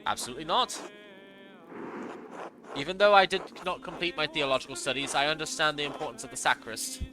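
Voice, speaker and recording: A man's voice: fairly high pitch, brisk, lightly acted. A man reading the lines of a clever, earnest young male illustrator in a game, with some hesitant restarts, in a noisy home recording.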